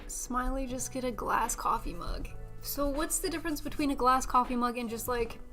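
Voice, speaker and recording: A woman's voice: high-pitched, normal speed, pushed and bright, faint music behind. A woman streamer chatting casually at home, giggly and talkative. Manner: giggly, chatty, baby-talks to her cats.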